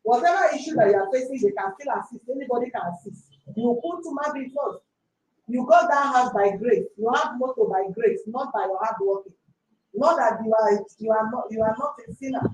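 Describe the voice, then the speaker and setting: A woman's voice: fairly high pitch, brisk, a little mellow, slight background noise. Stern Nigerian woman mediator, lecturing. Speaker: mediator host. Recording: echoey room heard from a distance.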